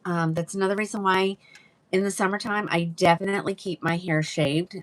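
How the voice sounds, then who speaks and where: Woman, livestream seller, chatty, greets viewers by name, fairly low voice. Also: steady tone, a little fast. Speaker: live-selling wig seller. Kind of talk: casual livestream sales chat.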